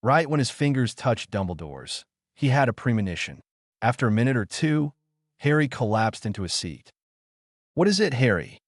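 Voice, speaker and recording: A man narrating a fan-fiction story in a lively storytelling manner. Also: medium pitch, normal speed, no echo, clean studio sound.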